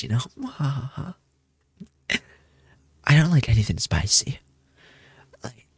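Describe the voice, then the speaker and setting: A man's voice: medium pitch, breathy edge, dry recording. A young man chatting casually on a stream, rambling and playful, repeating his phrases with self-mocking asides. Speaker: VTuber streamer. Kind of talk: casual debut stream chat.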